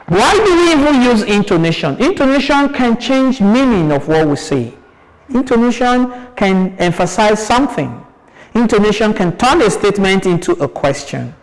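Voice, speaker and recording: Slow, lively Nigerian English teacher. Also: male voice, high-pitched. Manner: slow, sing-song teaching, asks pupils questions and answers them. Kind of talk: classroom lesson on TV. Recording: long hall reverb.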